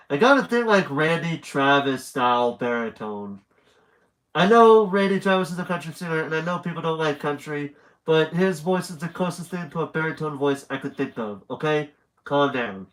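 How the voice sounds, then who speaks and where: On a live stream, a young man with a medium-pitched, fairly bright, slightly nasal voice reads a horror story aloud over a rough recording. He drifts into chatty, rambling asides before returning to the narration.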